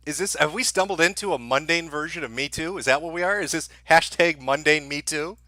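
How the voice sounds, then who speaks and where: A man's voice: a little high, a little fast, bright, forceful tone, dry recording. A man hosting a livestream, mocking a played clip with profane, sarcastic commentary. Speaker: livestream host.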